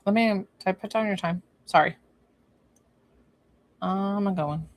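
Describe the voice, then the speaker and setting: Taking things slowly, a woman with a mid-range voice works as a psychic medium during a casual one-on-one reading. Her thinking-aloud style is heavy with fillers, and she bursts out laughing.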